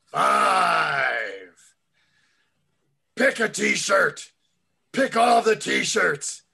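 A man putting on a gruff, bossy drill sergeant who barks orders in a raspy, gravelly voice. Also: sits high, pushed and bright, heavily acted. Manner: barking orders. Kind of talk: comedic impression in a podcast ad.

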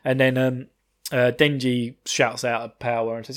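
A man's voice: mid-range voice, little pitch movement, moderate pace, a bit bright. A man hosting a podcast, casually recapping an anime episode, rambling, laughing often and swearing freely. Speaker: podcast host.

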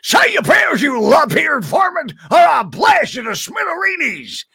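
A hollering hot-tempered cartoon cowboy. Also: male voice, very high-pitched, huge pitch swings, a little slow, gravelly, dry recording, clean studio sound, pitched above the performer's own voice, exaggerated voice. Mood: furious. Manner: shouted threats, drawling.

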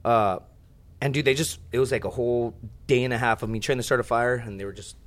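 A young man telling a story as a podcast guest, in rambling, profane casual chat with lots of animated asides. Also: mid-range voice, fast.

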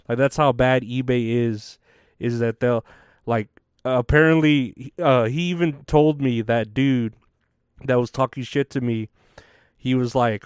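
Profane, chatty young man with a smooth voice. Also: medium pitch, no room sound, studio quality. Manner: profane, chatty, laughs often. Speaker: podcast host. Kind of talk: casual rambling monologue.

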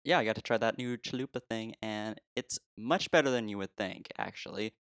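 Gravelly, chatty podcast co-host man. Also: fairly low pitch, a little fast, a bit bright, dry recording, clean studio sound. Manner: chatty, rambling, laughs often. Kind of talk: casual chat.

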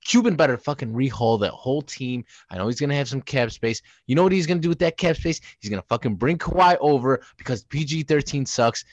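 Profane, animated man ranting about sports. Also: medium pitch, quick pace, hardly any pauses, no room sound. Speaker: podcast co-host. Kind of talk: heated sports debate.

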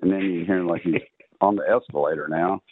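Brisk and steady in tone, this low-voiced Texan man rambles through a long poker story as a podcast guest, leaning heavily on uhs and ums. The audio is echo-free, dry, and tinny, like a phone line.

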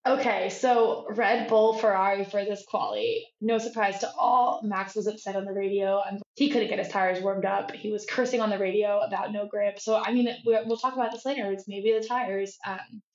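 A young woman co-hosting a casual chat, excitable and full of "like" fillers. Her voice sits in a middle register, and it comes through slightly dull and lo-fi. The room around her is noticeably echoey. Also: mid-range voice, normal speed, few pauses. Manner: chatty, many "like" fillers, excitable. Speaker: podcast co-host.

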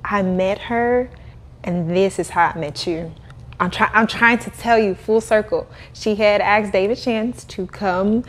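A young adult woman, a podcast guest who runs a cleaning business, telling her story in a casual, animated way with frequent laughter. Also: mid-range voice, measured pace. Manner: animated, laughing, acts out quoted voices.

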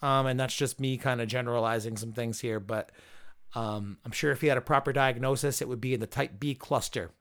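A man's voice: mid-range voice, fairly even intonation, brisk, a bit bright. A man hosting a podcast, casually telling a long, profane anecdote and quoting the people in it. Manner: profane, rambling anecdote with quoted dialogue. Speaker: podcast host. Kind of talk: casual storytelling.

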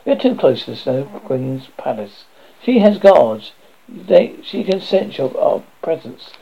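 Loyal anxious reindeer in a storybook reading, read by a man; urgent, gravelly. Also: medium pitch, very animated, a little slow, exaggerated voice. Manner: urgent, pleading. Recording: dull lo-fi recording.

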